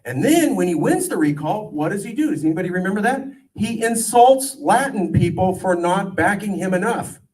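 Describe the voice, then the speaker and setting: A man in his forties from California giving an animated, joking political speech to a crowd, with a sarcastic edge. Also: high-pitched, normal speed, few pauses. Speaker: political campaigner speaking to a crowd. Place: event gathering. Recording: voice distant from the mic.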